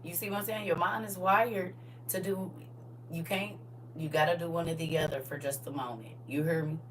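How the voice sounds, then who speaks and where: A middle-aged woman hosting a casual livestream, talking in a lively, folksy way to her viewers and sometimes dropping to a soft whisper. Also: lowish voice, normal speed. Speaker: livestream host. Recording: distant mic with faint hum.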